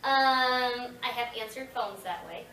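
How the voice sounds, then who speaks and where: A woman's voice: a little high, measured pace, bright, forceful tone. A woman guest voice actor chatting and laughing through a casual convention Q&A. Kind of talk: casual panel Q&A answers. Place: convention panel room. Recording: echoey room, distant mic, background noise.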